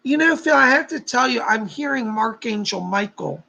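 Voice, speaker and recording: A man hosting a casual psychic livestream, with a gravelly, husky voice. He greets viewers by name in an easygoing, chatty way. He also leads a meditation and gives quick readings. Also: very high voice, lively intonation, pushed and bright, rough recording.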